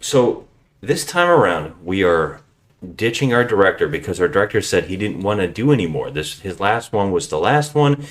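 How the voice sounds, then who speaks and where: A deep-voiced man hosts a casual movie podcast, his pitch swinging widely as he jokes and swears through quick banter. He keeps things loose and conversational. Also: sing-song. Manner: joking, profane, quick banter. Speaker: podcast host.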